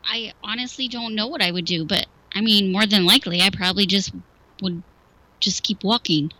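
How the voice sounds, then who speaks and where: A woman's voice: medium pitch, moderate pace, sharp tone, no room sound, rough recording. A female radio co-host who talks in a hesitant, hedging way, full of "I mean"s. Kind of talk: local talk radio banter. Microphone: studio microphone.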